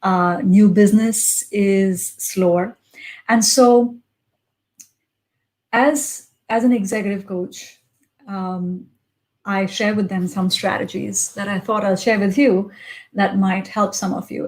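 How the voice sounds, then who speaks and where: A woman executive coach giving a motivational self-help talk in an expressive, conversational way, with frequent pauses. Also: mid-range voice, poor audio.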